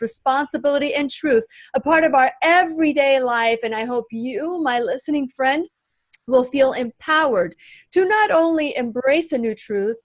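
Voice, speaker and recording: A woman hosting her own radio talk show, speaking in an earnest, slow and emphatic way. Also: high-pitched, no room sound. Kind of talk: warm radio show chat.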